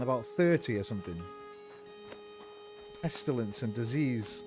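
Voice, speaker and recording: A man's voice: medium pitch, normal speed, darkish tone, soft background music. Profane, chatty man. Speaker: streamer. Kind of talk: casual gameplay commentary.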